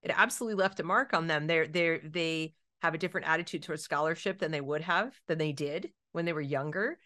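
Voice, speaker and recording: Low-pitched and fast, this middle-aged woman is an education consultant recounting stories in an interview. She's animated, slipping into character to act out each quoted voice.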